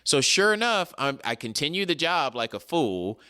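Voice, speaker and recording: A man telling a story in a casual chat, animated and slangy, acting out the people in it. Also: a little high, normal speed, clear, resonant tone. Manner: animated, acts out the people in his stories. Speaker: podcast co-host.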